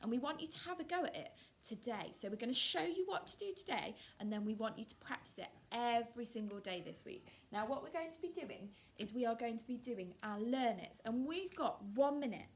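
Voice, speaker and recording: A woman, an early years teacher, reading a fairy tale aloud and teaching young children in an animated, expressive, encouraging way. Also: a little high, a little fast, hardly any pauses.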